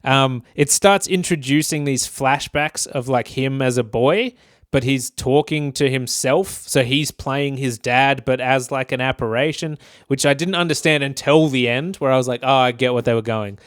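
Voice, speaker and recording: Podcast co-host, male, mid pitch, smooth voice, loose rambling recap. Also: normal speed, no room sound, studio quality. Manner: rambling, recaps the plot with quoted lines. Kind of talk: casual film review chat.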